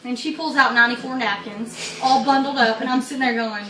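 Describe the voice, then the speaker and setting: A young woman telling a story in a casual, animated way, laughing and acting out the voices. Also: on the high side, brisk, few pauses. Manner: animated, laughing, acts out every voice. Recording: echoey room, mic far off, background noise.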